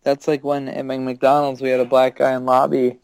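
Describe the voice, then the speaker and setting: A man's voice: medium pitch, completely flat delivery, normal speed, vocal fry, darkish tone, no room sound. A young man co-hosting a podcast, telling rambling, self-deprecating stories in casual chat. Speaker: podcast co-host.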